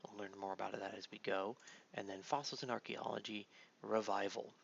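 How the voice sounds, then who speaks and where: A man's voice: fairly low pitch, fairly even intonation, fairly quick, gravelly, slightly rough. A man hosting a casual gameplay video, rambling laid-back commentary full of fillers, sounding like a tired dad at his home computer. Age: adult father. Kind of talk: casual let's-play commentary. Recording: dull lo-fi mic with faint noise.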